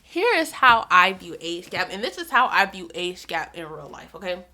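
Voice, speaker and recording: Bright-voiced chatty young woman. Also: fairly low pitch, very animated, moderate pace. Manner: chatty, repeats herself, many "like" fillers. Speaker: book vlogger. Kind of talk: casual chat.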